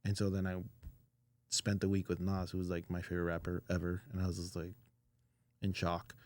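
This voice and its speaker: A man, a guest in an interview, telling relaxed anecdotes full of fillers in casual conversation. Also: low-pitched, brisk, no echo. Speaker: audio engineer guest.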